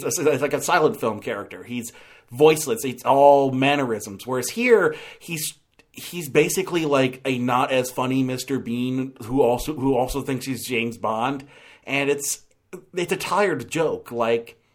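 A man giving a casual, rambling film review, full of restarts and fillers. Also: medium pitch.

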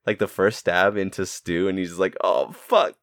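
A young man co-hosts a podcast in a clean, echo-free studio, chatting casually about a film. His delivery is flat, moderately paced and a bit bright, and he swears freely and acts out characters' lines in a squeaky high voice.

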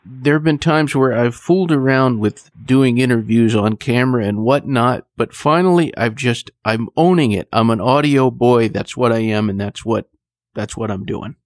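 A man's voice: medium pitch, normal speed, no room sound. Man hosting a podcast, dry sound. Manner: polished, formal introductions. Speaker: podcast host.

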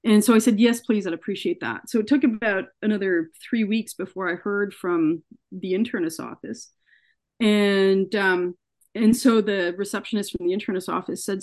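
A woman's voice: medium pitch, moderate pace, darkish tone. Earnest woman retelling a hard story. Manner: earnest, often acts out dialogue in her retelling; repeats words and restarts when upset. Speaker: guest, researcher. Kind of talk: telling her own story in conversation.

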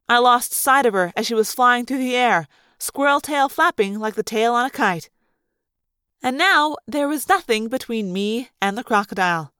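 Woman reading an audiobook, lively up-and-down voice, a bit high, dry close mic. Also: no room sound. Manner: animated, dramatic reading. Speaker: audiobook reader. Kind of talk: first-person audiobook narration.

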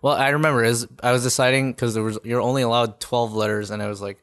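A man's voice: medium pitch, fairly even intonation, fairly quick, a bit bright, clear, resonant tone. A young man co-hosting a podcast, rambling and laid-back, swearing casually. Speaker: podcast co-host. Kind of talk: casual chat.

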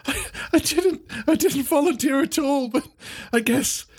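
A man's voice: very high-pitched, a little slow, pitched above the performer's own voice. A man doing a stammering, flustered boy wizard. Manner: stammering, panicky. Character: bewildered, flustered young schoolboy wizard.

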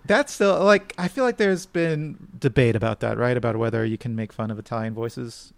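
A man's voice: mid-range voice, normal speed, creaky, no echo. A man in his thirties co-hosting a casual chat, laughing often and hesitating with fillers. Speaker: podcast co-host.

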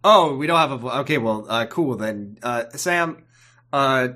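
A man co-hosts a casual podcast with an animated, swooping voice. He rambles playfully, restarts his sentences and riffs on jokes as he goes. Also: medium pitch, a little slow. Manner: rambling, self-interrupting, playful. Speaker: podcast co-host.

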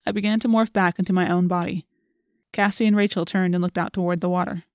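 A woman with a lowish voice narrates a novel in the first person, measured and earnest. Her reading is close to the mic and very dry, with no echo at all. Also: steady tone, darkish tone. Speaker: audiobook narrator.

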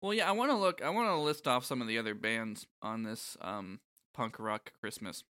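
Wry, bright-voiced man chatting. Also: medium pitch, moderate pace, no room sound, clean studio sound. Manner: wry, sarcastic, profane. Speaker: podcast co-host. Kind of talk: casual chat.

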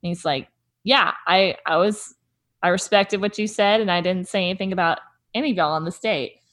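A woman co-hosting a podcast, chatting casually with many fillers. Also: a little fast. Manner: chatty, uses many fillers, drops low and soft at times. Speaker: podcast co-host. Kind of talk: casual recap chat.

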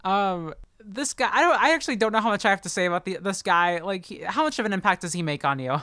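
A woman's voice: mid-range voice, animated, fast talker, a bit bright, clear, resonant tone, no room sound, clean studio sound. A woman co-hosting a casual book podcast, chatty and enthusiastic, swearing and restarting her sentences. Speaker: podcast co-host.

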